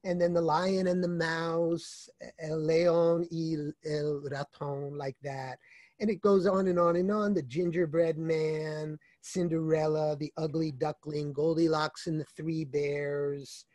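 A man being interviewed as an author, speaking in a measured, explanatory way that often restarts phrases. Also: fairly high pitch, steady tone, darkish tone, dry recording. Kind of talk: conversational interview.

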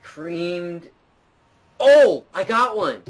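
A man's voice: a little high, sing-song, moderate pace, slightly rough, low-quality recording. A young man hosting a casual gameplay chat, goofy and joking. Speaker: channel host.

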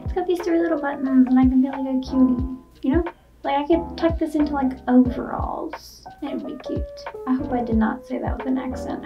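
A young woman vlogger chatting playfully through a clothing try-on haul, full of "like" and "okay?". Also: sits high. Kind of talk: casual try-on haul chat. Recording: muffled and distant with background music.

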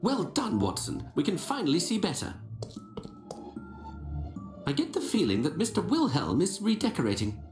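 A woman voicing a brisk, confident detective in a game, teasing and theatrical, with music and echo behind. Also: fairly low pitch, wildly swooping pitch. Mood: wry. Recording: game audio, echoey with music.

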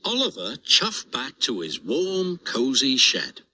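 A British man reads a children's storybook aloud, his pitch leaping up and down with lots of expression. He reads slowly and unhurriedly, with a bright, sharp tone. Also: a little hiss or hum. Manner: lively, expressive reading voice. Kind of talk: storybook narration.

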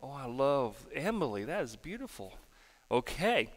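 A man's voice: medium pitch, a little slow, big-room sound. A male pastor giving a folksy children's sermon and prayer in a church sanctuary. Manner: animated storytelling, folksy.

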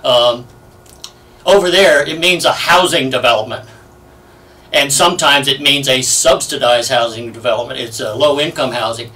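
A man in his seventies telling stories in an oral history interview, lively and full of fillers. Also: medium pitch, moderate pace. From United States. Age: 70s. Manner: lively anecdotal storyteller, many fillers. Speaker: Navy veteran interviewee. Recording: distant from the mic.

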